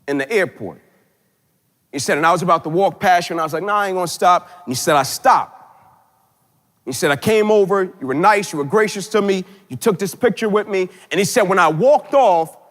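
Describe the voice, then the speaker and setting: Lengthy reverb trails the voice of a man giving a motivational keynote, whose dramatic story lurches from booming emphasis down to quiet, low tones.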